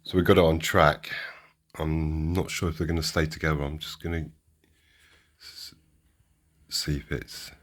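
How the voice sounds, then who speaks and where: A man's voice: very deep voice, fairly even intonation, unhurried, pauses often, a bit bright. A man chatting casually and rambling as he unboxes and shows off model trains for his channel. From United Kingdom. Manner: chatty and rambling, restarts sentences. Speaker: model railway channel host. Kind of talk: casual chat while unboxing.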